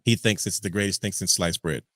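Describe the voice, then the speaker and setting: A man hosting a casual podcast chat, animated and joking as he rants. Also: sits low, fairly quick, no room sound. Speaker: podcast host.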